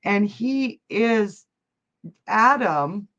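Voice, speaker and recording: A woman's voice: mid-range voice, expressive, drawn-out words, fairly bright tone, lo-fi sound. A woman giving psychic and tarot readings on a live stream, emotional and laughing often as she reads out viewers' messages. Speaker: psychic medium and card reader.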